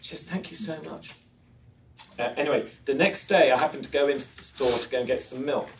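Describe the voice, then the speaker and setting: A conference speaker preaches to a live audience, his medium-pitched voice moving at a quick pace as he tells stories with self-deprecating humour and puts questions to the crowd. The room is reverberant, picked up by a distant mic with faint noise.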